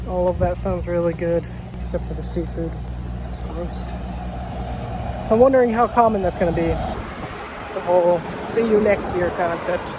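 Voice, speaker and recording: A man's voice: high voice, fairly even intonation, normal speed, long pauses. A man talking in a casual, wry and self-mocking way while walking outdoors for a vlog. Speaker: walking vlogger. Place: outdoors by a road. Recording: outdoor traffic noise.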